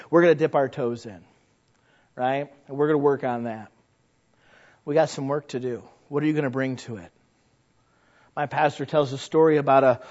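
High-voiced folksy male preacher. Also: muffled recording. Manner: folksy, conversational preaching with rhetorical questions. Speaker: pastor. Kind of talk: sermon.

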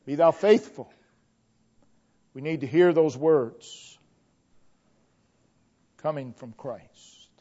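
A man preaching a sermon, slow and emphatic, repeating a refrain and swinging between loud declarations and hushed tones. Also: on the high side. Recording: dull lo-fi recording.

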